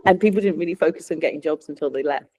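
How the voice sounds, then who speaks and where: A woman's voice: on the low side, huge pitch swings, fairly quick, a little mellow. Chatty Scottish woman who laughs often. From Scotland. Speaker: podcast co-host. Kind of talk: casual chat.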